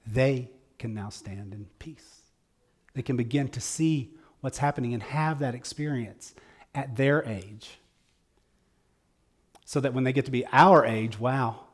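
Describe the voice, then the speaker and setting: A man giving a conversational sermon at a church service, earnest and folksy, moving between loud emphasis and quiet asides. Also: mid-range voice, a little slow, long pauses, breathy edge.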